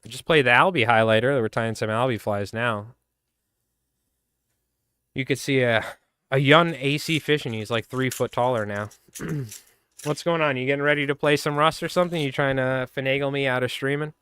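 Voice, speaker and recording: A man with a Long Island accent hosts a livestream and chats loosely, telling one story after another with plenty of laughter. His voice is smooth and clear. It sounds close and dry, recorded on a desk mic at his streaming setup. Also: mid-range voice, moderate pace, dry recording. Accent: Long Island New York. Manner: rambling, laughing, animated storyteller. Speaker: fly tying livestream host. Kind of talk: casual storytelling chat.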